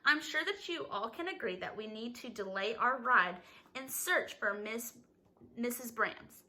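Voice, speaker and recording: Woman voicing a composed, commanding gentleman, storybook reading. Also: fairly high pitch, animated, unhurried. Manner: commanding, formal. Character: composed master of a grand house, man.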